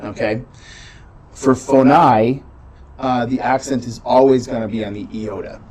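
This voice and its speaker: A man's voice: mid-range voice, fairly even intonation, unhurried, a little mellow, rough recording. A man teaching a beginning Greek class, explaining patiently and checking in with "right?" often. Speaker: Greek instructor. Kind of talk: classroom lecture.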